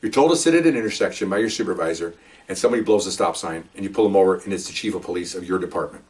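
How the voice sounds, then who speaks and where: Older ex-cop rambling thru his stories fast, lowish voice, acts out the dialogue. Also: a little mellow, recorded from a distance. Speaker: retired police officer. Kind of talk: casual storytelling.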